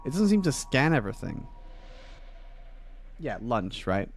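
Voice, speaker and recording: A man's voice: medium pitch, sing-song, measured pace. Male streamer, casual rambling chat over a game, faint music behind. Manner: rambling, many fillers and restarts. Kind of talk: casual chat while gaming.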